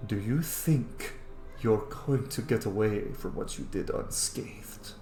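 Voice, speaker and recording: A cold, threatening old general, voiced by a man in a tabletop game. He speaks in a low, hushed murmur at a slow, deliberate pace. The voice carries a roomy echo. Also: soft background music. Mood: menacing. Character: menacing older male general, cold and threatening.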